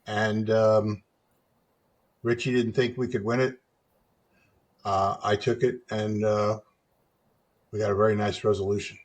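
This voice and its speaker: A middle-aged man, a guest attorney, talking in a measured, halting way with frequent pauses and fillers as he is interviewed. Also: lowish voice, flat delivery. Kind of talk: conversational interview.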